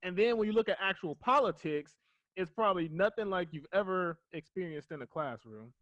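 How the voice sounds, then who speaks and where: A man's voice: high voice, expressive, a little fast, fairly bright tone, no echo, highs cut off. A man, a guidance counselor, giving earnest advice in a casual podcast conversation. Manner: earnest, advising tone.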